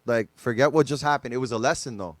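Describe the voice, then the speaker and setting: Man, DJ guest, casual podcast storytelling, slangy and animated, dry close sound. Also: mid-range voice, fast, no room sound. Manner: animated, loose slang with many fillers.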